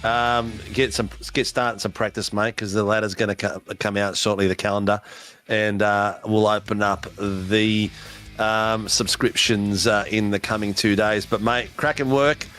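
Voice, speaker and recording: A man's voice: lowish voice, fairly even intonation, moderate pace, fairly bright tone. A man hosting post-race interviews for a sim racing broadcast, chatty and hyped up. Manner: hyped announcer, chatty, says mate a lot.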